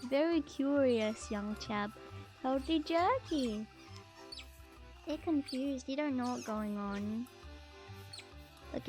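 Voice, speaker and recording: Reacting to a video, a woman streamer chats in a playful, casual way, and her voice leaps much higher whenever she's excited.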